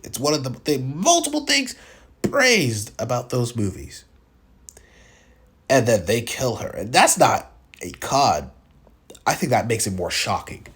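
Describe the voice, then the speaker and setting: Animated man giving a rambling movie critique. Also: mid-range voice, a little slow, breathy edge. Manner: rambling, animated, opinionated, with frequent restarts. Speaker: film reviewer. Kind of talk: casual spoken film commentary.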